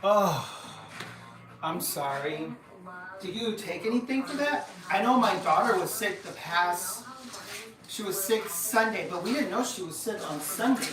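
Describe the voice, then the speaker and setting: This livestream host is a middle-aged woman talking casually from a room at home, her speech wandering with many fillers and restarts. Her mid-range voice is expressive and measured in pace, with a crowd audible behind her. Echo fills the room, and she sits a little back from the mic.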